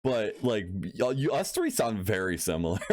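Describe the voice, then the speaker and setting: A man's voice: mid-range voice, huge pitch swings, moderate pace. A young man co-hosting a casual podcast, rambling and musing with many fillers and frequent laughs. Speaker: podcast co-host.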